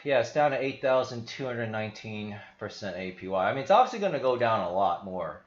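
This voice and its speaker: A man's voice: on the low side, animated, a little fast, lo-fi sound. Rambling man streaming from a roomy room. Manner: meandering, many restarts, thinks aloud. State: out of breath. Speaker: crypto and stock market streamer. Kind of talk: casual rambling livestream talk.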